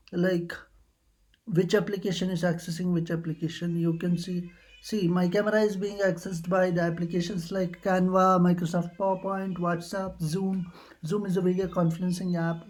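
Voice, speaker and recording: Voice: medium pitch, a little mellow. A tutorial host casually walking through computer settings, hesitant and full of uh fillers and restarts. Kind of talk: casual screen-recording walkthrough.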